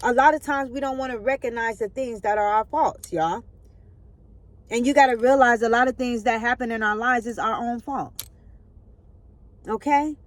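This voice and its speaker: Woman, spiritual vlogger on her phone; earnest, preachy, checks in with viewers a lot. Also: mid-range voice. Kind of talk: spiritual motivational talk.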